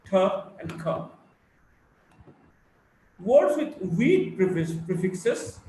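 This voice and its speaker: A man teaching a live phonetics class, slowly drilling word lists and explaining stress rules. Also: high voice, a little mellow, distant mic, a little hiss or hum. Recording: echoey room, voice from afar.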